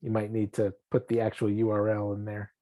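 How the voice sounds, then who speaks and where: A man talks fast in a mellow, dark-toned voice, offering practical points in a meeting. The sound is dry, with no room echo. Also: on the low side, monotone. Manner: quick, practical suggestions with a wry aside. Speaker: committee member. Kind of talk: casual meeting discussion.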